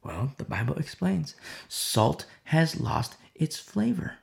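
A man preaching a sermon as pastor, swinging between loud emphatic lines and hushed near-whispers. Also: a little high, big pitch swings, takes it slowly, gravelly. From America.

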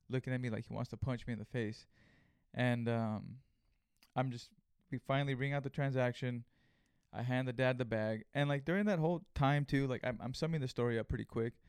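Smooth-voiced man telling a story. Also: medium pitch, no echo, studio quality. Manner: rambling, filler-heavy, conversational. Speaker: podcast host. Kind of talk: casual storytelling monologue.

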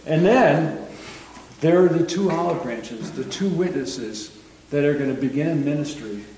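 A man's voice: fairly high pitch, lively intonation, unhurried, warm tone. A man leading an informal Bible class, chatty and rambling, chuckling often, recorded in a very echoey room. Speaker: Bible teacher. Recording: very echoey room, faint noise.

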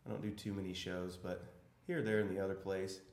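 A man, a tattoo artist, chatting casually in a relaxed, halting way with a few fillers. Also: sits low, reverberant. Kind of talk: casual chat.

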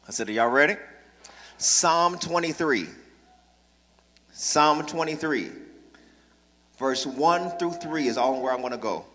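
A man pastor preaching a sermon with call-and-response, building to loud, passionate delivery in a church sanctuary. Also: on the high side, animated, slow pace, long pauses, long reverb tail.

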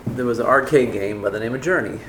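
A man's voice: mid-range voice, fast, roomy sound. A man hosting a casual chat, asking questions and laughing often. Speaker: podcast host.

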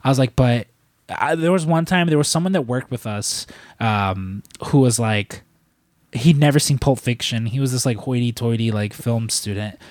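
A young man hosting a podcast, telling stories in a rambling, profane, animated way. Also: medium pitch, normal speed, dry recording. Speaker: podcast host. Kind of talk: casual chat.

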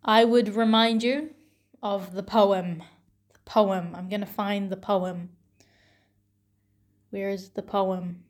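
A young woman talking gently and tenderly to her younger self, with pauses and soft laughs. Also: medium pitch, fairly even intonation. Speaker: vlogger.

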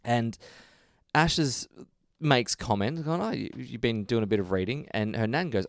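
Animated Australian man telling a story. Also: moderate pace, vocal fry, dry recording, studio quality. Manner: animated, jumps up in pitch for quoted voices. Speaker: podcast co-host. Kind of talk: casual chat, storytelling.

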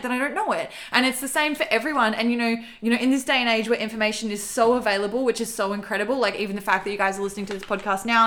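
Upbeat motivational woman co-host, quick and bright, casual chat. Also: mid-range voice. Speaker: podcast co-host.

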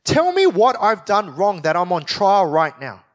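A man voicing an indignant accused man, pitched up. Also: huge pitch swings, measured pace, exaggerated voice. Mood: exasperated. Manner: exasperated pleading retelling. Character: calm but indignant man on trial.

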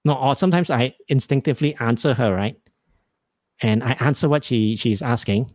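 A man's voice: mid-range voice, normal speed, darkish tone, no room sound. Chatty man, dry close mic. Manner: rambling, self-mocking, laughs often. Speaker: podcast host. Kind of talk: casual comedic storytelling.

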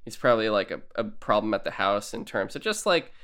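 A man's voice: fairly low pitch, very animated, brisk, a bit bright, clear, resonant tone. Rambling man chatting on a podcast. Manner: rambling, laughs often, acts out quotes. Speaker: podcast co-host. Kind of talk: casual chat.

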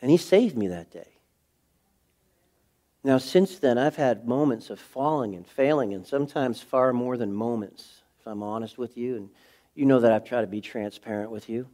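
A pastor giving a sermon, earnest and confessional, swinging from a hushed intimate tone to fervent preaching. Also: male voice, mid-range voice, normal speed. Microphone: speaking to a camera.

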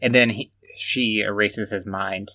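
A young man co-hosts a casual comedy podcast in a fairly low, bright, forceful voice. He stumbles and restarts his sentences often, and the recording is dry and close. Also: fairly even intonation, unhurried, no echo. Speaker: podcast co-host.

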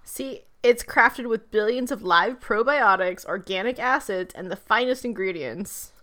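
Bright-voiced woman podcast co-host. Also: a little high. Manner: playful, quick teasing banter with frequent laughs. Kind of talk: casual chat.

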